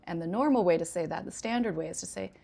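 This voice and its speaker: Gravelly low-voiced American woman teacher. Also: mellow. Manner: clear, deliberate teaching delivery with example sentences; friendly, addresses learners directly. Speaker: ESL teacher. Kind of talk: spoken English lesson.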